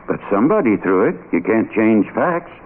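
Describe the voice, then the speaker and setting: Older country doctor, deep and suspicious, blunt questions; 1930s radio style, phone-thin sound with faint hiss. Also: male voice, very animated, moderate pace. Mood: gruff doubting. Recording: tinny hissy old radio broadcast.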